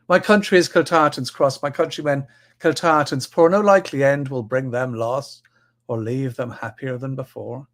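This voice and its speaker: A man reading a poem in a put-on Irish accent, voicing a young airman calmly facing his death. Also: mid-range voice, lightly acted. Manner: solemn measured verse recital. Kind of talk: poetry recital.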